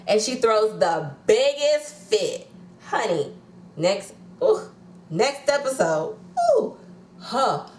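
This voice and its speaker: A woman's voice: lowish voice, expressive, a little slow, a little mellow, roomy sound, slight background noise. A woman recapping reality TV casually, sassy and blunt, swearing freely. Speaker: reality TV reviewer.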